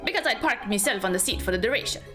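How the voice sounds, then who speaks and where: A woman voicing a kindly, gallant middle-aged Irish man in a game, with a put-on Irish accent and folksy, gentlemanly talk. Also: mid-range voice, lively intonation, rapid-fire, close to an everyday voice. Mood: earnest. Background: game music.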